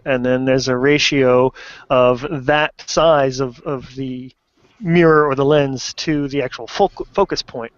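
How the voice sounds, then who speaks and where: A man patiently explains telescope terms as a guest on a live stream. His voice is at an ordinary pitch. The audio is muffled and lo-fi. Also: dry recording. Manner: explanatory, careful. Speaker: amateur astronomer guest.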